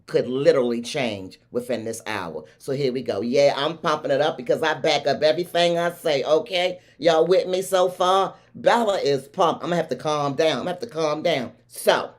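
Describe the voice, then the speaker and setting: A woman's voice: sits low, normal speed, hardly any pauses. Effusive Baltimore woman hosting a show. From Baltimore, USA. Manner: effusive, hypes up her audience. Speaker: talk show host. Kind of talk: hyped livestream show intro.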